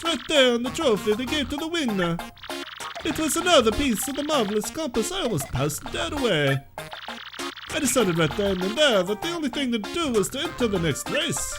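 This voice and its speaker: A man putting on a deliberately poor Italian accent to voice a boastful young plumber telling a story, chummy and calling the listener bro. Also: high voice. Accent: mock Italian. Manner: chummy, says bro a lot.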